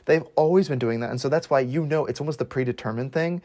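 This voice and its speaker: A man in casual chat about films, thinking out loud in a loose, rambling way. He keeps checking whether his point lands, his voice sitting at an ordinary middle pitch. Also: fast. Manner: rambling, checks if he makes sense. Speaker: podcast co-host. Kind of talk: casual movie discussion.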